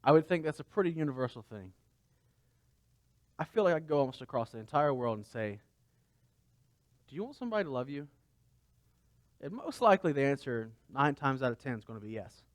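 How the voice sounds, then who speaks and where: A man's voice: mid-range voice, very animated, a little fast, pauses often, dry recording, studio quality. A man pastor preaching a conversational sermon, asking his listeners rhetorical questions.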